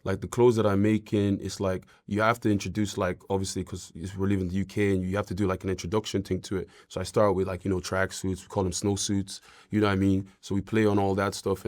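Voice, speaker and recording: Young guy from ireland, chill rambling interview chat, lowish voice. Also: quick pace. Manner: relaxed and rambling, many fillers. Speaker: interview guest.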